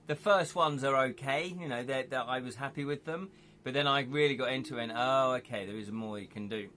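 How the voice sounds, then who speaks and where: A man's voice: mid-range voice, brisk, pushed and bright, a little hiss or hum. A man chatting casually on a live stream, rambling a little and reading out viewer comments, from the United Kingdom. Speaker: streamer and illustrator.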